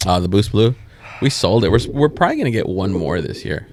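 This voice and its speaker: A man co-hosting a podcast in casual chat, telling slangy, animated stories and acting out the people in them. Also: fairly low pitch, quick pace. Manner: animated slangy storyteller, acts out quoted people. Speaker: podcast co-host.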